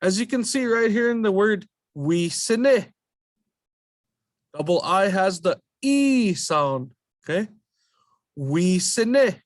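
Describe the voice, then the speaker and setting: A man teaching a language lesson, drilling vowel sounds slowly and repeating each word patiently. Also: high-pitched, expressive, no echo, studio quality. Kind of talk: slow spoken language lesson.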